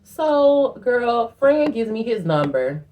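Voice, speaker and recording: A woman telling a personal story to her viewers in a chatty, profane, animated way, often calling them "girl". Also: on the high side, slow pace, muffled recording. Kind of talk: casual storytime monologue.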